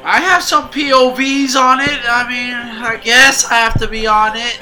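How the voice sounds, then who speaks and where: A man's voice: very high-pitched, fairly even intonation, unhurried, bright, forceful tone, faint music behind, low-quality recording. A man co-hosting a casual wrestling podcast, with playful, boastful trash talk. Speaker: podcast co-host.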